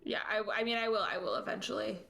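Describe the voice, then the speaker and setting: A woman playing a tabletop role-playing game, talking chattily with quick laughing asides. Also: medium pitch, steady tone, gravelly, fairly bright tone. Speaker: player. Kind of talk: casual tabletop play.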